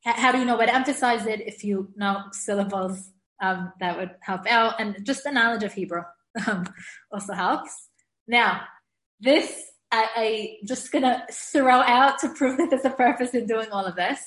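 A woman giving an informal Hebrew grammar lesson, chatty and given to laughing, slowing down to spell out example words. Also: a little high, fairly bright tone, reverberant.

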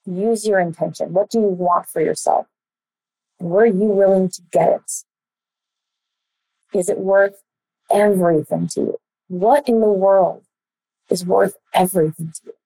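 A woman's voice: mid-range voice, dark tone, rough recording. A woman coaching listeners in a blunt, emphatic way, swearing casually and checking in with "okay?" often. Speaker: life coach. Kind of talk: motivational coaching talk.

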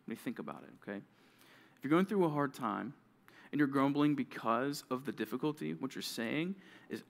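A man preaching a sermon to junior high students, lively and conversational, acting out grumbling teens in quick asides. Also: creaky. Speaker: youth pastor.

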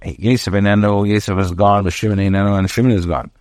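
A rabbi with a fairly low voice teaches a daily scripture lesson. He reads out a Hebrew phrase, pauses, then translates and explains it in unhurried steps. The sound is dry and close, with no room echo. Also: steady tone, darkish tone.

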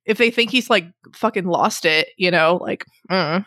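A woman's voice: on the low side, moderate pace, a bit bright, no echo, clean studio sound. A woman in casual chat about a book, rambling and laughing often as she retells scenes. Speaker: book podcast co-host.

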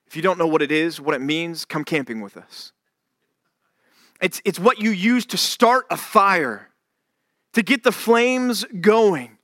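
A man's voice: high voice, animated, measured pace, a bit bright, no echo, studio quality. A man as pastor, preaching a sermon in a conversational, joking way, acting out the scripture characters' lines. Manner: conversational, jokey retelling of scripture with voiced asides.

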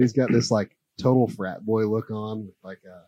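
A man's voice: on the low side, fairly even intonation, normal speed, mellow, dry recording, lo-fi sound. A man with a stuffy nose, chatting casually as a podcast guest in a bar, rambling and laughing and slipping into impressions. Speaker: guest musician. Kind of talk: casual chat.

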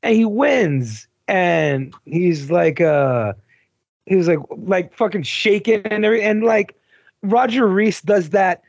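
A man co-hosting a podcast, chatting casually about a movie, animated and swearing with lots of "like" and "dude". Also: high-pitched, takes it slowly, creaky, no room sound, highs cut off. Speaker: podcast co-host. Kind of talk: casual film review chat.

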